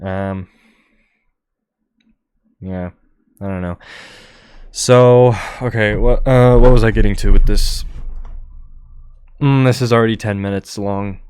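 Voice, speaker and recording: Young male podcast host, low monotone delivery, rambling and full of fillers, dry close-mic sound. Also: slow pace, pauses often, smooth, dry recording. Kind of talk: solo podcast monologue.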